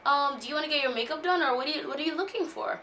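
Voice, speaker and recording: A woman doing a chirpy high male makeup artist. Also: rapid-fire, bright, forceful tone, slight background noise. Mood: cheerful. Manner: high and sing-song.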